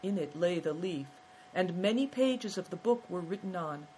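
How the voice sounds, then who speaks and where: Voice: mid-range voice, expressive, normal speed, a little mellow, a little hiss or hum, close to an everyday voice. A reader voicing Mate, a hospitable older male nomad host who speaks in formal, flowery language, in a storybook reading. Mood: storytelling.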